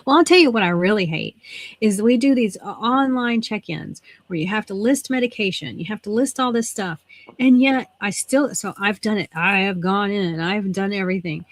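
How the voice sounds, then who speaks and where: A woman's voice: mid-range voice, moderate pace. A woman co-hosting a craft livestream, chatting casually and laughing often. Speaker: livestream co-host. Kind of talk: casual chat while crafting.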